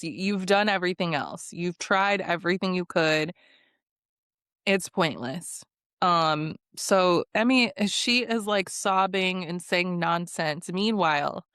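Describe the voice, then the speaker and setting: A woman's voice: lowish voice, no room sound, clean studio sound. A woman hosting a podcast, chatting casually and acting out other people's lines with swearing and bursts of laughter. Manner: animated, acts out quotes with swearing and laughter. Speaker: podcast host. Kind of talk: casual reality TV recap chat.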